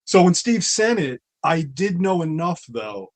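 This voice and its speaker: A middle-aged man who publishes comics chats casually as an interview guest, his voice fairly high, sing-song and a little slow. He tells a long story full of restarts and asides.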